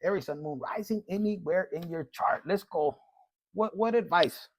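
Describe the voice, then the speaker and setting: A man's voice: sits high, noisy background. A man giving a casual collective tarot reading, blunt and profane, joking and dropping in Spanish slang. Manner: reads card messages aloud slowly. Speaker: tarot reader.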